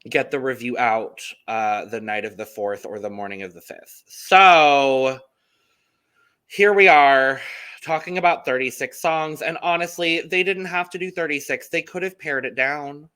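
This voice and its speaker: A man co-hosting a podcast in a casual, chatty way. His voice is bright and smooth, and he keeps things upbeat while filling gaps with ums. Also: medium pitch, measured pace. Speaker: podcast co-host.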